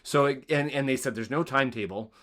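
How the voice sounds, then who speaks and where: A man of middle pitch hosts a conversational podcast. He tells a personal story earnestly, with many restarts and asides. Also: fast, a bit bright. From Spokane, Washington area. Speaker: podcast host. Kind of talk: conversational interview.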